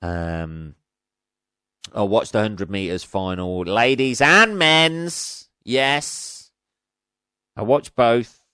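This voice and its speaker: A man's voice: on the low side, very slow, long pauses, bright, forceful tone, clear, resonant tone, dry recording, studio quality. A man hosting a solo podcast, ranting casually with lots of swearing and sarcasm, laughing at his own jokes. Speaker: podcast host.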